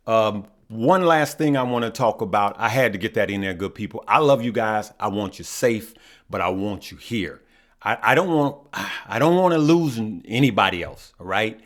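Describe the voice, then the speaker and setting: Lowish male voice, earnest stock guy talking to his viewers, keeps saying okay. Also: fairly bright tone. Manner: earnest, passionate, repeats himself and adds "okay?". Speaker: stock market YouTuber. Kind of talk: casual direct-to-camera talk.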